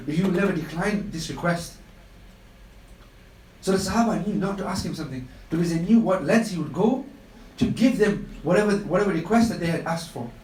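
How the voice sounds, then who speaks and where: High-voiced man giving an impassioned radio talk. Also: a little mellow, reverberant, recorded from a distance, slight background noise, poor audio. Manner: impassioned storytelling with emphatic repetition. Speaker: Islamic speaker on a radio show. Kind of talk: live radio religious talk.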